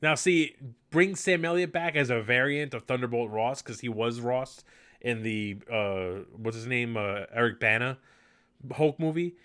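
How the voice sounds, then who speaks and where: A man's voice: medium pitch, a little slow, fairly bright tone, clear, resonant tone. Chatty male podcast host. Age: adult. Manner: chatty, enthusiastic, rambling with fillers. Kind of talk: casual live podcast chat.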